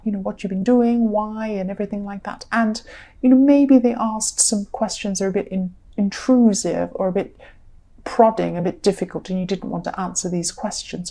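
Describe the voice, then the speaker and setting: A woman giving a casual tarot reading in a relaxed, chatty way, with many fillers. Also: mid-range voice. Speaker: tarot reader.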